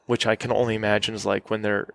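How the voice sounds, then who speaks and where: Low-voiced man telling a tense story. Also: flat delivery, vocal fry, a bit bright, dry recording. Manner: halting, restarts often, fills with "like". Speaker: podcast guest. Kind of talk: casual storytelling interview. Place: cabin.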